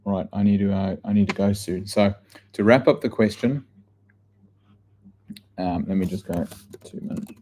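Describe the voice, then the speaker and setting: A middle-aged man giving a live real estate training session, blunt and energetic, swearing casually and often restarting his sentences. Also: lowish voice, moderate pace, pauses often, a little hiss or hum. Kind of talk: live training session answering viewer questions.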